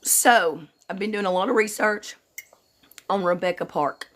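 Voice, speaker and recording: A woman talks casually to her livestream audience, calling out viewers by name. She sounds a little slow and drowsy, as if she just got up, with a loose, chatty delivery in a mid-range voice. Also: medium pitch. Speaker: livestream host.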